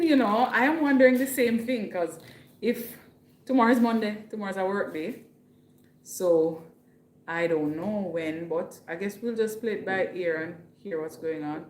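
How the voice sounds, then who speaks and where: A woman's voice: mid-range voice, normal speed, reverberant. Chatty Jamaican woman hosting a livestream. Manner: chatty, reads viewer comments aloud. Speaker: livestream host. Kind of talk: casual livestream chat.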